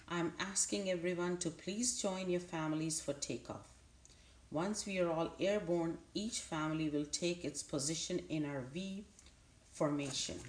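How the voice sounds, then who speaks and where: A woman's voice: fairly low pitch, a little mellow, slight background noise, lightly acted. A woman voicing a big, commanding male lead goose making formal announcements in a storybook. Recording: roomy echo.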